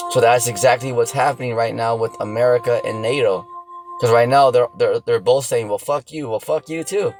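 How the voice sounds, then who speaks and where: Man, off-the-cuff preaching, blunt and profane, average pitch, faint music behind. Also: rough recording. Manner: blunt and profane, keeps asking "see that?" and "you know?". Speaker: religious teacher.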